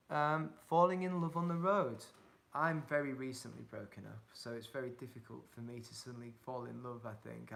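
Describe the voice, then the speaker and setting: A man's voice: medium pitch, gravelly, fairly bright tone. A man in his thirties hosting a casual livestream, speaking candidly with rambling restarts while he reads viewer comments aloud. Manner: candid, rambling, laughs easily. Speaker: cycling travel vlogger hosting a livestream.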